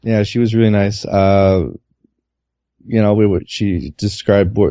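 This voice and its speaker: A man recounting his experience as a reporter in a casual podcast chat, relaxed and rambling with lots of fillers. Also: low-pitched, moderate pace, no room sound. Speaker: guest reporter. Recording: muffled, dull lo-fi audio.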